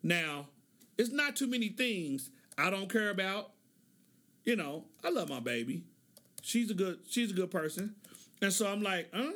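A man's voice: high-pitched, sing-song, normal speed, a bit bright. A middle-aged man hosting a casual monologue, telling stories in a laid-back way, laughing often and acting out the lines of the people in them. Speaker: podcast host.

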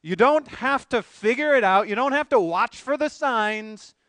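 A man's voice: very high-pitched, lively intonation, a little slow, a bit bright, dry recording. A man preaching a sermon as pastor, earnest, asking rhetorical questions and pressing his points with emphatic swells.

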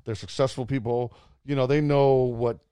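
A man's voice: mid-range voice, fairly even intonation, moderate pace, warm tone, clear, resonant tone, no room sound. A man in casual podcast conversation, talking earnestly in loose, trailing phrases. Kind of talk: casual chat.

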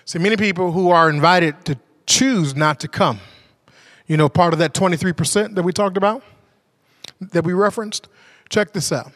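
A man preaching a sermon, telling a personal story with animated swings from shouting to hushed, quiet moments. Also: high-pitched, normal speed.

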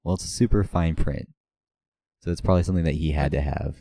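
A man with an extremely deep, mellow voice, co-hosting a podcast in a laid-back way. He tosses in wry one-liners during a casual chat. The recording is dry and close. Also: fairly even intonation, quick pace, creaky, dry recording. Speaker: podcast co-host.

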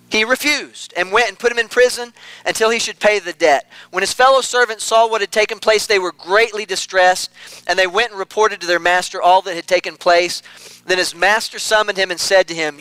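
A man's voice: sits high, normal speed, bright, forceful tone, clean tone, no room sound, low-quality recording. A man preaching an earnest sermon, repeating phrases for emphasis.

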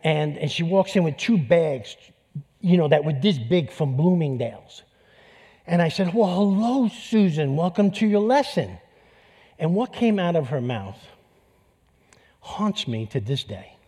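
A man's voice: on the high side, lively intonation, unhurried, long pauses, darkish tone, husky. A man preaching a sermon, telling personal stories in a conversational way. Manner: conversational, storytelling with restarts. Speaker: pastor.

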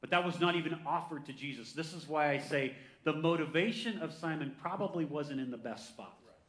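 A man preaching a sermon with energy, who reads scripture slowly and calls out to the congregation for answers. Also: a little high, fairly bright tone, roomy sound. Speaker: pastor.

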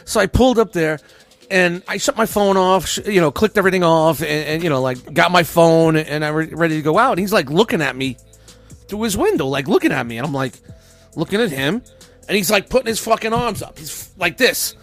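A middle-aged man with a high, gravelly voice tells a story on a casual podcast. He swears nonstop and jumps into the voices of both people in the argument. Faint music plays underneath. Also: fairly quick, no room sound. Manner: animated, swears constantly, acts out quarrels with raised voice. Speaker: podcast host telling a story.

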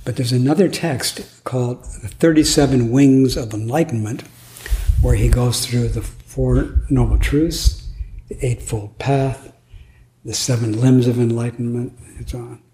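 A man's voice: mid-range voice, unhurried, dark tone. A man giving a Zen dharma talk at a retreat, musing aloud in a playful way and laughing now and then. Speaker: Zen teacher. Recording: echoey room, faint noise.

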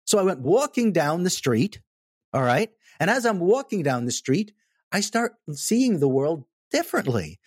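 A man telling a personal story in casual conversation, animated and emphatic. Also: high-pitched, normal speed, slightly rough, dry recording, clean studio sound. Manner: animated, emphatic, repeats "okay?" for effect.

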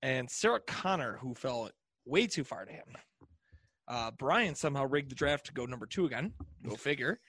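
A man's voice: mid-range voice, lively intonation, normal speed, a bit bright, breathy edge, no room sound. A man co-hosting a casual podcast, reading out lists with jokey asides and frequent laughter. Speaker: podcast co-host. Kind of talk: casual chat.

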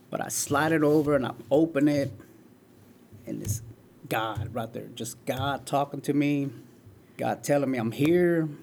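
A man's voice: a little high, a little mellow, a little hiss or hum. A man in his forties, a guest in an interview, telling his life story in an earnest way and often saying "man" and "right". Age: 40s.

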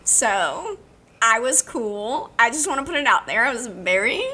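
Bright, punning woman podcast host. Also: a little high, lively intonation, a little slow, a little hiss or hum. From Alabama. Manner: playful, punning, self-mocking storyteller. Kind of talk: casual chat.

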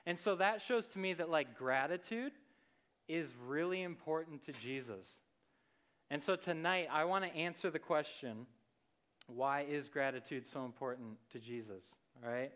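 Young man, casual sermon, chatty with lots of fillers, smooth voice pitched a bit high. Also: normal speed, fairly bright tone. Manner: conversational, many fillers and "like".

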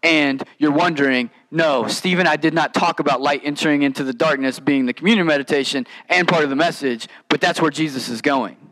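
A man preaching a sermon in a conversational, animated way, with casual asides. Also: fairly high pitch, a little fast, hardly any pauses, poor audio. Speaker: pastor.

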